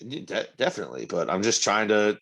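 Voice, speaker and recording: A man's voice: fairly low pitch, a little fast, vocal fry. A man co-hosting a podcast in casual chat, telling a story with a lot of swearing and acted-out quotes. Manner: profane, animated storytelling with quoted asides. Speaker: podcast co-host.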